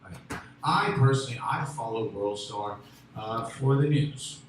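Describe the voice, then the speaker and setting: A man from Memphis doing a stand-up comedy set, rambling and restarting, with loud bursts on his punchlines. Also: medium pitch, a little slow. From Memphis, USA. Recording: echoey room with faint ambient noise.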